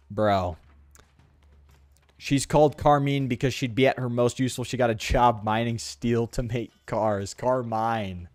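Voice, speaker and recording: A man's voice: medium pitch, no echo. A man streaming a game, joking and self-mocking in slangy, casual commentary. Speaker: gaming streamer.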